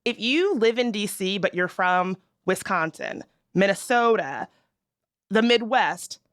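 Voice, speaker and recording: A woman hosting a casual podcast chat, with animated, teasing rants, recorded in a studio. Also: medium pitch, unhurried, no echo. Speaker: podcast host.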